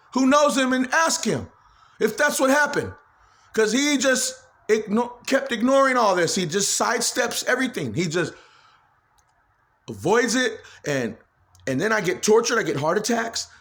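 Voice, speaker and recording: A man's voice: high voice, sing-song, unhurried, a bit bright. A man talking straight into a phone camera in a rambling personal monologue, agitated, swearing freely and repeating himself. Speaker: vlogger.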